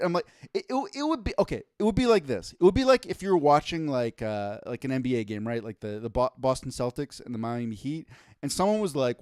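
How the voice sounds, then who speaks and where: A man's voice: medium pitch, animated, brisk, darkish tone, no echo, studio quality. A man co-hosting a casual podcast, ranting with exasperation and lots of swearing. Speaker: podcast co-host.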